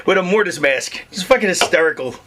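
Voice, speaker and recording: A man's voice: high-pitched, animated, fast talker, background noise. A man telling profane, laughing road stories in a casual interview. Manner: profane, chuckling storyteller. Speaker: wrestling interview guest. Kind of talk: casual storytelling.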